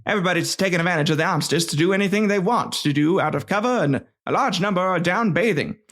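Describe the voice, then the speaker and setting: A man's voice: high voice, fast talker, a bit bright, voice pushed up. A man putting on an old-timey radio announcer voice. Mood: wondering. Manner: theatrical, announcer-like delivery. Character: WW1 private reading his diary as an old-timey male radio announcer.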